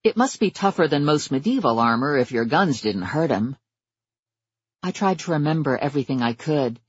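A man narrating a first-person story in a measured, wry way. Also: medium pitch, animated, slightly rough, no room sound, muffled recording. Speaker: audiobook narrator.

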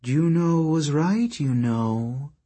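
A man voicing a sleepy, ancient earth goddess in a slow, drowsy whispered role-play, with a husky voice. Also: a little high, animated, mellow, full character voice. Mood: menacing.

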